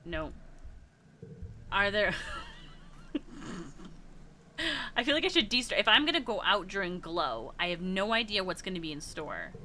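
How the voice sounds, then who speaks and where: A woman's voice: medium pitch, big pitch swings, moderate pace, pushed and bright, a little hiss or hum. A woman streamer reading a game's text aloud between playful reactions, laughing and gasping as she plays. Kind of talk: reading a game aloud with casual chat.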